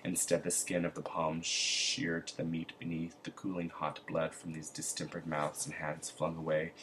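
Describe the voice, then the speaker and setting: A man reading a literary text aloud in a steady, deliberate way. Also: extremely low pitch, a little hiss or hum, poor audio. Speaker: reader.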